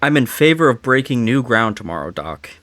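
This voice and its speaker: A young man reading the lines of a blunt, bossy male hunting guide from an old story, slowly and carefully, in his own everyday voice. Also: mid-range voice, sing-song, a bit bright, dry recording.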